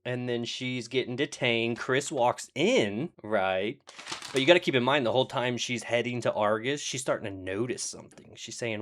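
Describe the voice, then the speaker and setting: A man's voice: medium pitch, moderate pace, a bit bright, a little hiss or hum. A man casually recapping TV episodes in a rambling, profane, sarcastic way, full of fillers and restarts. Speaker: TV show reviewer.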